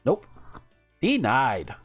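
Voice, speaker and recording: A young adult man from the American South, giving animated live commentary while gaming, cursing and laughing at the game. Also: medium pitch, extremely slow, breathy edge, faint music behind. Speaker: game streamer.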